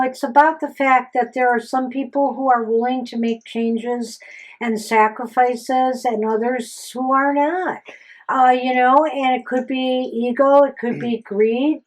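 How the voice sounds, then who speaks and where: Woman, tarot co-host, higher voice, rambling, casual chat. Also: poor audio. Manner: rambling, many "you know" fillers.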